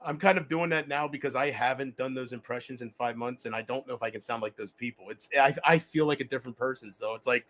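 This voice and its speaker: A man talking alone on a livestream, rambling and reflective, often halting and restarting his sentences. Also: mid-range voice, fairly bright tone. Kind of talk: rambling solo livestream talk.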